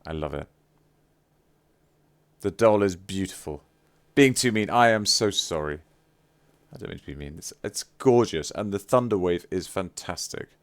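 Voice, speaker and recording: Deep, smooth-voiced man streaming live. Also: animated, moderate pace. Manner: playfully teasing, effusive. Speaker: livestreamer. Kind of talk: casual live-stream chat.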